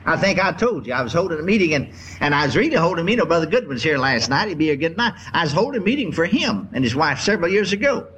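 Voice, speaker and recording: Animated older preacher. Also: male voice, a little high, rough recording. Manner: folksy, repetitive, drawn-out emphasis. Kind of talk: sermon storytelling. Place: church before a congregation.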